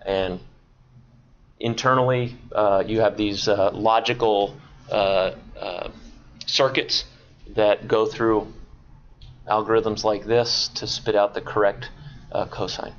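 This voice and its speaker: A man's voice: lowish voice, steady tone, takes it slowly, pauses often. A male instructor giving a classroom lecture, explaining with frequent fillers and restarts. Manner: hesitant, filler-heavy explaining. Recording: dull lo-fi classroom recording.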